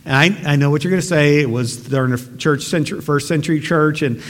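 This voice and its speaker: A man delivers a sermon with earnest, emphatic conviction, pressing his points home and rising to forceful exhortation. His voice sits a little high for a man. The sound rings with the long reverb of a large hall. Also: brisk. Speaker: preacher.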